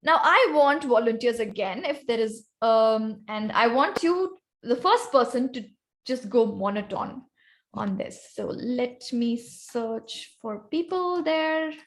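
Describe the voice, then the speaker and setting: Her pitch is fairly high, and she talks slowly and expressively. This Indian-accented woman leads an online club workshop on vocal variety as a guest speaker, naming volunteers as she teaches speaking skills.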